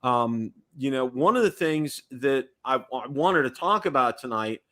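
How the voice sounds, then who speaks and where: Host, male, American, bright and forceful tone, chatty and rambling. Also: medium pitch, expressive, unhurried. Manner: rambling, repeats words, checks in with "okay?". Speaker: livestream host. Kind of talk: casual livestream chat.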